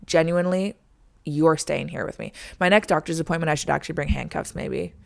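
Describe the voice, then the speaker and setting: Speaking fairly quickly in a low-pitched voice with vocal fry, a young woman hosts a podcast and tells a story in a casual monologue. Her delivery is chatty and dramatic, packed with "like" and re-enacted lines.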